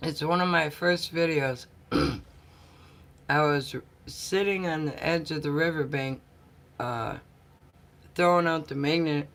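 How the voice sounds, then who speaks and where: A woman chats with her viewers in an unhurried, easygoing way. Her voice is gravelly and bright, and she tells stories at a slow pace. She often clears her throat between thoughts. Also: low-pitched. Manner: chatty, storytelling, often clears throat and laughs. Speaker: vlogger chatting with viewers. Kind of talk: casual live chat.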